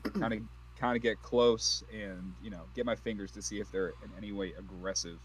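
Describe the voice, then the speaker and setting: A man playing a tabletop game on a live stream, briskly describing what his character does. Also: on the low side, fairly even intonation. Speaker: player.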